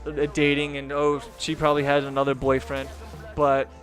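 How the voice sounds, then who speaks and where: A man's voice: fairly high pitch, completely flat delivery, moderate pace, fairly bright tone, faint music behind. A young man telling a personal story in a casual, rambling way, full of filler words and swearing. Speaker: gaming streamer and video host.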